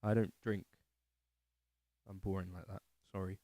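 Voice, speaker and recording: A man's voice: low voice, little pitch movement, a little slow, noisy background. A man hosting a casual livestream from his living room, rambling and self-deprecating as he answers chat comments. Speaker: livestream host.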